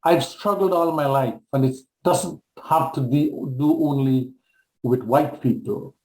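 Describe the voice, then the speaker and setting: An older man from the Caribbean reads his poetry slowly, with a dark, mellow tone. Every line comes out measured and deliberate. His voice rings a little in an echoey room, heard over a video call. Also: mid-range voice. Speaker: guest poet. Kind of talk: poetry reading.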